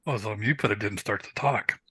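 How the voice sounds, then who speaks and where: A man's voice: on the low side, fairly quick, a bit bright, breathy edge, no room sound. A man playing a character in a tabletop game, speaking hesitantly and often repeating words in a goofy way. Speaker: player.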